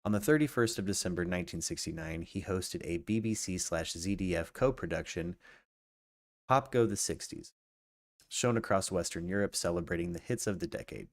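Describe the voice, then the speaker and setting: A man's voice: sits low, normal speed. A man hosting a live true crime podcast stream, reading facts aloud and breaking off to chat casually with viewers. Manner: reads facts aloud then riffs casually, greets chat viewers, many restarts. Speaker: podcast host.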